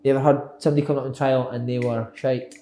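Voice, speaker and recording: A man's voice: medium pitch, little pitch movement, fast, mellow. A man hosting a casual football podcast, swearing freely and laughing often. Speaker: podcast host. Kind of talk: casual chat. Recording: echoey room with faint noise.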